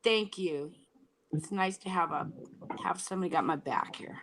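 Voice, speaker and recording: A woman with a raspy voice, chatting casually in an online group voice chat and asking the chat for opinions. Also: fairly low pitch, moderate pace, a little hiss or hum, rough recording.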